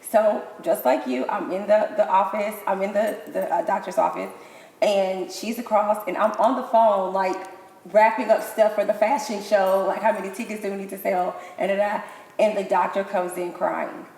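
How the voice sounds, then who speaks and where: A woman, a guest on a talk show, telling her own story in an animated way, repeating herself and laughing between words. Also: mid-range voice, normal speed, gravelly. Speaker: guest, cancer survivor. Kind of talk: emotional personal storytelling. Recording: echoey room with long reverb, faint noise.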